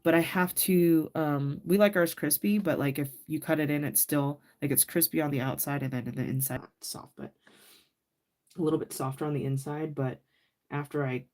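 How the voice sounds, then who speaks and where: A woman's voice: extremely low pitch, a little mellow. A woman hosting a crafting livestream, chatting and laughing as she works and answers viewers by name. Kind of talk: casual crafting livestream chat.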